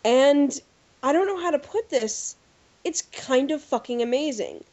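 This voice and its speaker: A woman from the United States hosts a casual podcast, spinning an anecdote with animated delivery and plenty of fillers. Her voice sits fairly high. The recording is dull and lo-fi. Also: measured pace. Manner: animated storyteller, lively filler-heavy delivery. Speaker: podcast host. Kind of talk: casual chat, anecdote telling.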